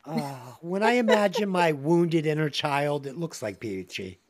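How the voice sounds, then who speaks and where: A man's voice: on the high side, lively intonation, unhurried, a little hiss or hum. A man hosting a casual movie review podcast, reading a plot summary aloud with slips and swearing jokes. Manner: profane, jokey, reads summary aloud with slips.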